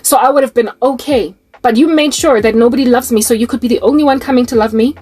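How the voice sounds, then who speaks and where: A woman's voice: on the high side, quick pace, a little mellow. A young South African woman with a South African accent, preaching fervently in a personal monologue, firing rhetorical questions and mixing in local-language phrases. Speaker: Christian online preacher.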